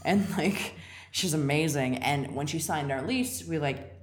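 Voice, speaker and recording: A young woman telling a funny story on a podcast, animated and laughing, with lots of fillers. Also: sits low, a little slow. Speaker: podcast guest. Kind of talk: casual storytelling chat. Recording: echoey room.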